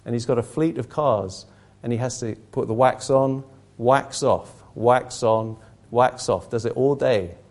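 A man's voice: mid-range voice, measured pace, a little mellow. A man preaching a conversational sermon to a small group, earnest, repeating words as he restarts his sentences.

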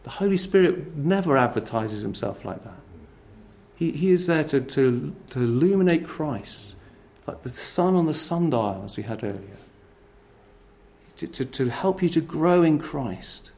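Male preacher, gravelly, a touch high, chatty and animated sermon style. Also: measured pace. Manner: conversational, animated, with rhetorical questions and playful voices for children.

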